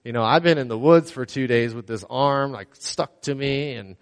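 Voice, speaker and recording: A man's voice: mid-range voice, moderate pace, clear, resonant tone. Young man telling a faith story in a reverberant hall. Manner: rambling storytelling with many fillers. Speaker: speaker sharing a faith testimony. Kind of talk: casual personal testimony.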